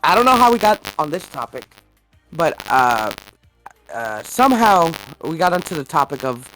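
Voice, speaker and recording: A woman's voice: low-pitched, normal speed, soft background music, rough recording. A woman co-hosting a podcast, telling a story in a casual, swearing way with many fillers and reenacted exchanges. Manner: animated, swearing, laughing retellings with many fillers. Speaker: podcast co-host.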